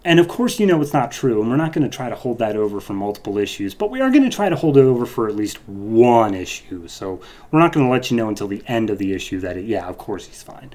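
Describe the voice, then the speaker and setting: A man's voice: on the low side, big pitch swings, fast talker, few pauses, dark tone. Casual man recapping a comic book. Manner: loose, rambling summary with asides.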